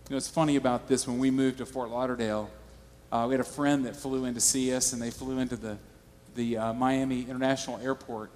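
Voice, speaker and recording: A man's voice: medium pitch, steady tone, fast, a little mellow, in a large hall, slight background noise. A male pastor preaching a sermon in a church, conversational and storytelling.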